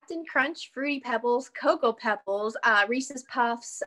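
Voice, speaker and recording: Young american woman on a zoom call, kinda high voice, chatty, says like a lot. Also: measured pace, fairly bright tone. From United States. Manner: chatty, laughing often, lots of "like" and "you know". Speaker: guest, dancer. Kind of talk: casual interview over video call. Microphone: video call.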